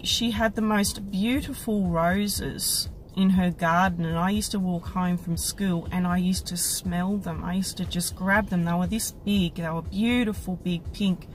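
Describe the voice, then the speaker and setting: A woman psychic medium telling a personal story to camera, reflective and halting, with many restarts. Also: medium pitch, a little hiss or hum, poor audio.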